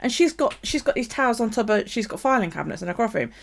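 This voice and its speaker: Gravelly woman, chatty crafter. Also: on the high side, very animated, quick pace. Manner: chatty, rambling, swears freely, laughs at herself. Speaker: craft live streamer. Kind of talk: casual crafting chat. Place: home craft space.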